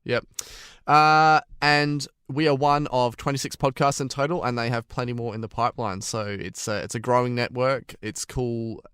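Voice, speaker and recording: Smooth-voiced man co-hosting a podcast. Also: mid-range voice, normal speed, hardly any pauses, dry recording, studio quality. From Australia. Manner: relaxed, with many fillers and restarts. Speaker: podcast co-host. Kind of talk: casual podcast chat.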